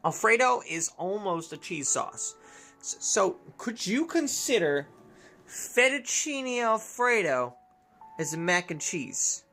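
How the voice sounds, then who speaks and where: A man's voice: high voice, very animated, slow pace, bright, forceful tone, soft background music. A man hosting a let's play, chatting casually in a rambling, jokey way that keeps interrupting itself. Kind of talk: casual gameplay chat.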